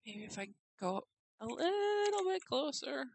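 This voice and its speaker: A woman's voice: high voice, very animated, a little slow, vocal fry, low-quality recording. A woman giggling and thinking aloud in casual commentary as she tours a house in a game. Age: adult. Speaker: gamer touring a player-built house.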